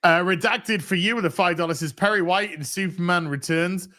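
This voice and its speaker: A man's voice: high-pitched, a little fast, bright, forceful tone. A man hosting a casual show, reading viewer messages in a dry, offhand way. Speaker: podcast host reading donations. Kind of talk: casual chat.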